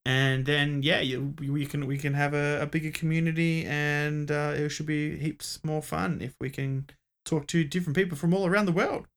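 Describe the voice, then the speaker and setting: A man's voice: fairly high pitch, little pitch movement, moderate pace. An Australian man closing out a podcast, rambling and swearing in a joking way. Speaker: podcast co-host and player. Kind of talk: casual podcast outro.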